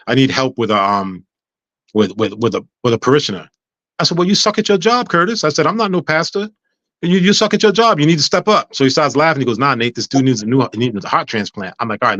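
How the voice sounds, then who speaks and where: A man telling a personal story in casual chat, animated, acting out dialogue with frequent stammers and restarts. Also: mid-range voice, no echo. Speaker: guest.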